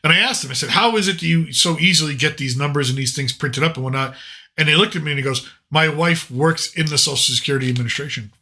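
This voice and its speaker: Bright-voiced American man telling stories. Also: fairly high pitch, fast. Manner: rambling anecdotal, frequent restarts and quoted dialogue. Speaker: podcast host. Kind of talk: casual storytelling chat.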